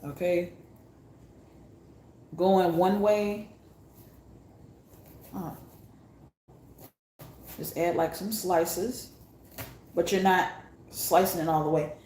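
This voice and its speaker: A cooking vlogger shows how she cooks in her home kitchen, chatting, laughing, and exclaiming as she chops, teary-eyed from the onion fumes. Her lowish voice is steady, with drawn-out words and frequent pauses. The echoey kitchen is loud with clattering dishes, pots, and pans, plus a little hiss or hum.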